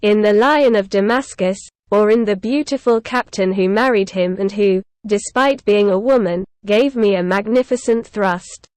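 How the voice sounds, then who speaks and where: Woman narrating as a robust male sea captain, calm and ironic, smooth clear voice, dry close sound. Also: medium pitch, normal speed, dry recording, lightly acted. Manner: steady and even, with a dry ironic edge.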